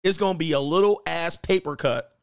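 A man hosts a loose, casual commentary rant with a slightly higher-than-usual voice. He tells stories in an animated way and acts out the other characters himself. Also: fairly quick, gravelly, clear, resonant tone. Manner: animated storytelling, acts out voices, laughs often. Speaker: host.

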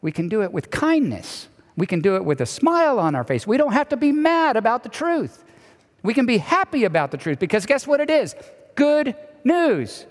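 Animated high-voiced preacher in a reverberant hall. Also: male voice. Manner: animated preaching, drops to soft hushed tones. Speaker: pastor. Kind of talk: sermon. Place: church sanctuary. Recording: long reverb of a large hall.

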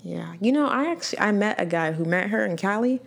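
A woman co-hosting a casual podcast, full of fillers and easy laughter. Her pitch moves in a lively way as she chats. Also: fairly quick, creaky. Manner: animated, laughing, lots of fillers. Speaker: podcast co-host.

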